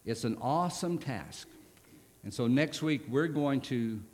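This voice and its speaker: A man preaching a sermon, stressing words hard and then dropping to a soft voice for key points. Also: mid-range voice, lively intonation, measured pace. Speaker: pastor.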